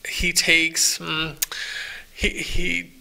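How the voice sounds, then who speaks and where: A man with a gravelly, sharp-edged voice chats on a podcast, pitched a little high. He rambles with enthusiasm and restarts his sentences again and again. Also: completely flat delivery, very slow. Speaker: podcast co-host. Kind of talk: casual chat.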